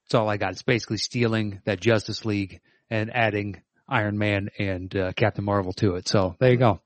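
Middle-aged man, low-pitched, casual and halting, dry close sound. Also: fairly even intonation, no echo. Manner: thinks aloud, hesitant with ums and likes. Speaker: podcast co-host. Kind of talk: casual chat.

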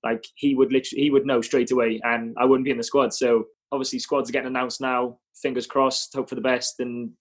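A man's voice: medium pitch, flat delivery, brisk, few pauses. A young Welsh man with a Welsh accent, chatting casually and modestly on a podcast, with lots of fillers. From Wales. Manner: modest, filler-heavy, laughs easily. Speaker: guest rugby player.

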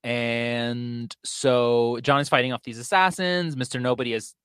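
A man's voice: medium pitch, fairly even intonation, unhurried, a bit bright, clean tone, no echo, studio quality. A man casually retelling a film plot as a podcast host, with lots of fillers and sarcastic asides. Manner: chatty, sarcastic, filler-heavy storytelling. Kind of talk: casual chat.

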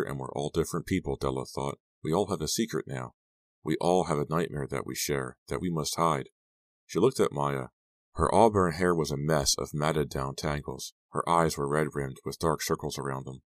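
A man narrating an audiobook with an extremely deep voice. He reads in a measured, even way. The recording is close and very dry. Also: no room sound.

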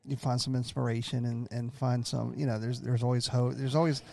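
A man co-hosting a podcast, talking in a relaxed, rambling way. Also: medium pitch, brisk, creaky. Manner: relaxed, rambling, calls people brother. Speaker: podcast co-host. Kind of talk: casual chat.

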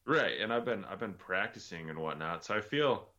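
Deep bright-toned man, self-deprecating guest. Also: expressive, normal speed. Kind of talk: casual chat. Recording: slightly dull lo-fi sound.

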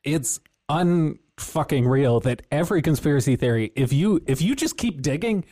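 A man's voice: a little high, animated, normal speed, warm tone, dry recording, clean studio sound. A man co-hosting a podcast, commenting wryly on a video and laughing often. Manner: wry, laughs often, hesitant restarts. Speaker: podcast co-host. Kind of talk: casual commentary.

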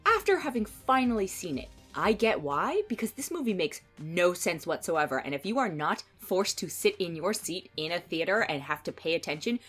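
A woman giving a casual, candid spoken film review, opinionated and animated, voicing little mock quotes. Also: on the low side, normal speed, few pauses, husky, soft background music.

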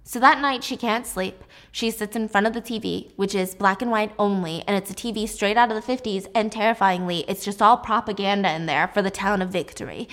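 Chatty young woman recapping a story. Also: medium pitch. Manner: lively, emphatic, chatty. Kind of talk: casual spoken recap.

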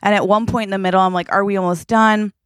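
A woman in her thirties co-hosting a podcast, telling a story in a lively chatty way, acting out her own lines and tossing in "okay?" and "like" a lot. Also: medium pitch, fast, clean tone, dry recording, studio quality. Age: 30s. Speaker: podcast co-host. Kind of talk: casual podcast chat.

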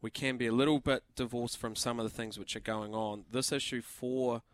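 A man's voice: medium pitch, fairly even intonation, a little fast, clean tone, no room sound. A man with a New Zealand accent co-hosting breakfast radio, talking things through thoughtfully. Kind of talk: casual radio chat. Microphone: studio mic.

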